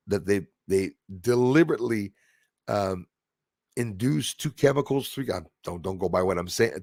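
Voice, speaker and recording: A man's voice: medium pitch, gravelly, dry recording, studio quality. A man hosting a casual live stream, talking in a loose, rambling way with many fillers and restarts. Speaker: host.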